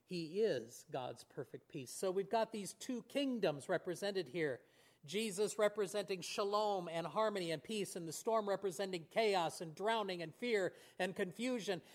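A man delivers a sermon in a fairly high voice. He talks earnestly and stumbles over a few fillers. He often slows down and sinks to a near whisper on key words. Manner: earnest, with fillers and restarts, voice swings between hushed and raised. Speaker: pastor.

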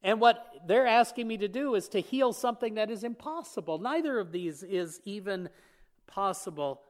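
High-voiced male preacher telling a story. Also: normal speed. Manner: expressive storytelling, acting out quoted lines. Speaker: pastor. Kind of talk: sermon.

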